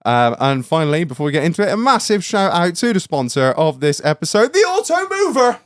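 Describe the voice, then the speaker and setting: A man's voice: on the high side, lively intonation, fast talker, clear, resonant tone, dry recording. A British man hosting a podcast, joking and swearing as he reads sponsor plugs in a casual, laughing way. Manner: laughs often, swears freely. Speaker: podcast host.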